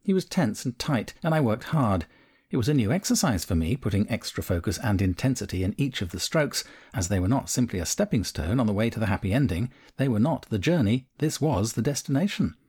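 A man narrating a first-person memoir audiobook in a calm, measured, candid way. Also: lowish voice, breathy edge.

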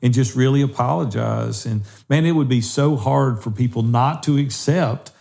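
A man's voice: mid-range voice, normal speed, gravelly, mellow. A man co-hosting a podcast, earnestly urging listeners and speaking straight to them. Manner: earnest, exhorting listeners directly. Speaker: podcast co-host. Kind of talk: encouraging podcast talk.

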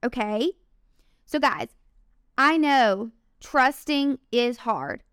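A woman's voice: fairly high pitch, drawn-out words, a bit bright, clean tone, no echo, studio quality. A young woman giving an earnest, emotional faith testimony, talking straight to her viewers. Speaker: faith vlogger. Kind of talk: personal testimony talk.

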